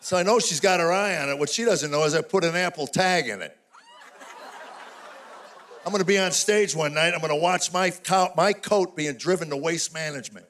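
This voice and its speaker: A man's voice: a little high, normal speed. Exasperated older male stand-up comic. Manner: animated, exasperated storytelling. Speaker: stand-up comedian. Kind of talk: stand-up comedy routine. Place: stage before a live audience.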